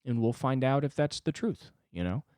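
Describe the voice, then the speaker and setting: Animated young man ranting self-deprecatingly. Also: mid-range voice, normal speed, no echo, studio quality. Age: 20s. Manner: self-deprecating, swings between loud outbursts and muttering. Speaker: podcast host. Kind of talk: solo comedic monologue.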